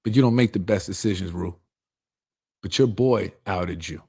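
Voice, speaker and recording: A man's voice: low voice, normal speed, dark tone, husky. Man, middle-aged, political show host, streetwise, blunt, heated monologue.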